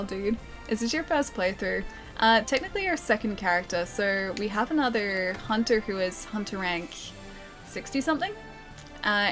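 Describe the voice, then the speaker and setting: A young Australian woman streaming a game, chatting casually with her chat and laughing often. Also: on the high side.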